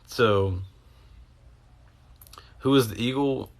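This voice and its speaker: Brief: young man, lowish voice, loose rambling monologue, swears a lot, jumps between thoughts. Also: unhurried, long pauses. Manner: animated, acts out his own reactions. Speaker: podcast host. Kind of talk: casual storytelling.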